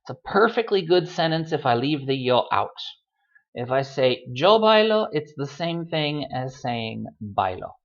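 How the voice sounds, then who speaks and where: Man as a relaxed, joking language tutor, lively pitch, dull lo-fi computer mic. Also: measured pace. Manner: relaxed, chatty, with dry joking asides. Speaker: Spanish teacher. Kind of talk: recorded language lesson. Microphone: computer microphone.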